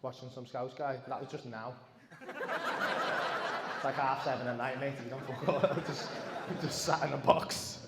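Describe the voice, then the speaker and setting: A man's voice: mid-range voice, wildly swooping pitch, unhurried, long pauses. Cheeky Scouse man, echoey theatre. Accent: Liverpool. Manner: cheeky, sweary banter. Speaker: stand-up comedian. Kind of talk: crowd work and backstage chat. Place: large theatre stage. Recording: echoey hall with background noise.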